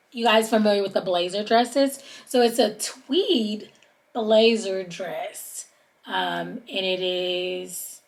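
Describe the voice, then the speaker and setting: Woman, podcast host, casual gossipy recap, mid-range voice. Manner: chatty, drawls "honey" and "child", mimics people in high voices.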